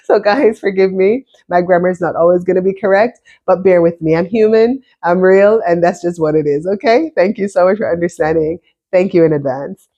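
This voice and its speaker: A woman's voice: lowish voice, brisk, mellow, dull audio. A woman in her fifties from Jamaica, long settled in America, speaks with a mixed Jamaican-American accent. She tells her own story to the camera in a loose, chatty vlog style, stopping to restart and repeat words as she goes. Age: 50s. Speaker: vlogger. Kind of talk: casual personal storytelling.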